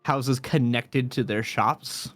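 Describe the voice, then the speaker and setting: A man's voice: mid-range voice, slow, a bit bright, no echo, faint music behind. A man narrating a tabletop game as dungeon master, rambling with many fillers and restarts.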